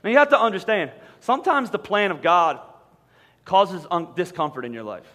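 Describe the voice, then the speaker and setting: A man with a notably high voice delivers a sermon in a large church auditorium, and his words ring out with a long hall reverb. He preaches conversationally, often repeating his words as he restarts a thought and dropping humorous asides. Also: expressive, normal speed, pushed and bright. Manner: conversational, frequent word repetitions and humorous asides. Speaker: pastor.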